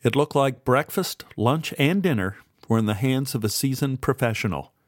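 A man reading an audiobook aloud in first person with a measured, steady delivery. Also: medium pitch, dry recording, studio quality. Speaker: audiobook narrator. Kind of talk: first-person storybook narration.

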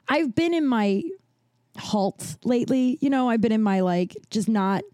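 A woman's voice: expressive, measured pace, mellow, no echo. A woman hosting a podcast, telling a story in a casual, candid way, swearing freely and acting out what others said. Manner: candid, swears freely, acts out quoted dialogue with big pitch jumps. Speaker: podcast host.

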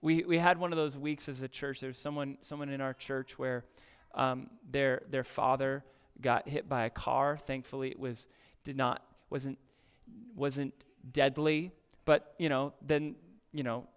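A man's voice: medium pitch, level tone, a little slow, clean tone. A man preaching a sermon as a pastor, reading scripture emphatically and asking the congregation questions.

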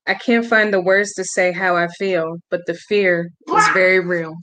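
A woman author reading her children's picture book aloud in a gentle storybook manner. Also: on the low side, steady tone, normal speed. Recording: loud background noise.

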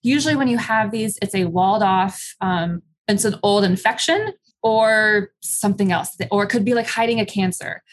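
A young adult woman candidly telling her personal story as an interview guest, halting with many fillers. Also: mid-range voice.

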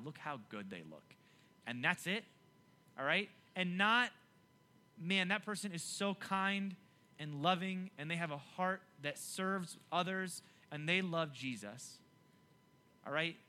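A young man preaching a youth sermon, animated and emphatic, often repeating himself to keep listeners engaged. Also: high voice. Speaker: youth pastor.

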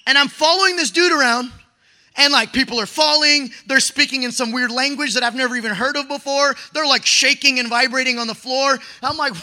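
Excitable young male storyteller, high-pitched and piercing, slangy, shouts at peaks. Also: fairly quick. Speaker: storyteller sharing a testimony. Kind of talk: animated personal testimony.

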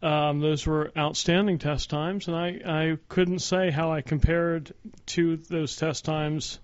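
Dry, deadpan man with a higher voice. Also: slow pace, no echo, lo-fi sound. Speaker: podcast guest. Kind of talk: casual chat.

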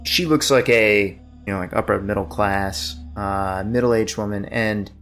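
A man's voice: lowish voice, unhurried, fairly bright tone, faint music behind. A man narrating a tabletop game as game master, describing scenes at length with many fillers.

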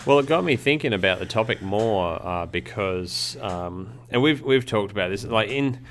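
A man co-hosting a craft podcast in relaxed, casual chat, joking dryly and laughing often. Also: lowish voice, moderate pace, slight background noise. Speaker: podcast co-host.

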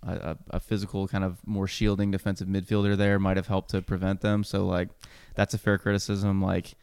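Podcast co-host, male, low and smooth, loose self-correcting delivery, dry close mic. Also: monotone, brisk, a little mellow, no room sound. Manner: rambling, self-correcting, laughs often. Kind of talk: casual chat.

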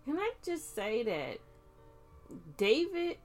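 A woman's voice: high-pitched, huge pitch swings, slow pace, a little mellow, soft background music. A woman co-hosting a casual chat, reacting to the others and then laying out her own view. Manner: reacts with short interjections, then builds a thought. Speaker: podcast co-host.

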